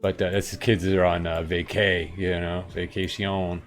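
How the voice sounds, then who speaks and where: Lowish guy rambling thru code on stream, faint music in the back. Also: level tone, moderate pace. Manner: rambling, thinks aloud, chuckles at himself. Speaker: live-coding streamer. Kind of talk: casual coding chat.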